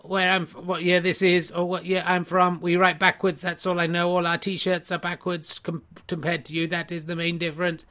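A man putting on a vengeful humanoid robot come back from the future, talking in a slow, flat, measured way. The voice sits fairly high and sounds bright and forceful, like a comic sketch on a podcast. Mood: deadpan.

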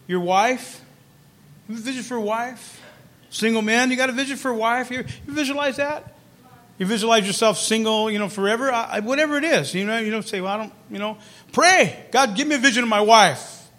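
Male preacher with a high voice, goes from low storytelling to loud fired-up preaching. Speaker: pastor. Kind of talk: sermon.

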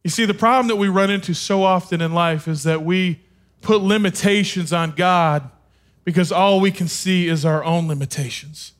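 A man preaching from a stage, telling his own story in an animated, self-deprecating and humorous way. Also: sits high, normal speed. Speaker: speaker. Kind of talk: sermon with personal storytelling.

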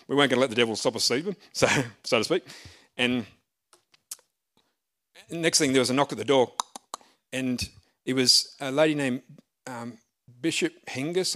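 A middle-aged pastor preaching at medium pitch. He tells his story in a loose, chatty way and pokes fun at himself. He breaks off often and starts his sentences over. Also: fairly bright tone. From Australia. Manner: chatty and self-deprecating, with frequent restarts and laughs. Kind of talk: sermon storytelling.

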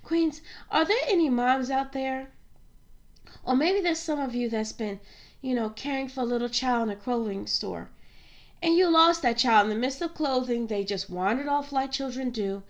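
A woman's voice: high-pitched, normal speed, muffled recording. A woman preaching a sermon, fervent and direct, calling her listeners saints and queens.

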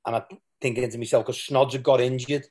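An English former player, appearing as an interview guest, rambles candidly about his career, restarting thoughts and quoting others along the way. He talks at a quick pace in a medium-pitched, darkish voice with fairly even intonation.

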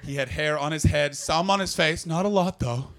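A bright, fairly high male voice with a crisp, forward edge. He is a comedian spinning a story on his podcast, lively and animated, jumping into loud voices for the people in the tale. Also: normal speed. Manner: animated, bursts into loud impressions. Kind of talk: comic storytelling.

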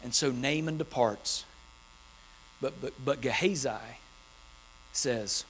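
A man's voice: medium pitch, slow, pauses often, fairly bright tone, slight background noise. A man preaching an impassioned sermon, driving home key phrases by repeating them. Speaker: pastor.

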